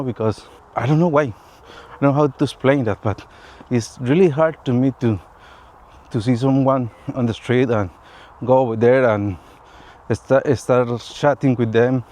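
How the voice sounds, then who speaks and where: Man talking in halting English. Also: mid-range voice, dark tone. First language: Spanish. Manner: halting learner's English, frequent restarts and repetitions, laughs often. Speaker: vlogger. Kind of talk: casual personal talk to camera.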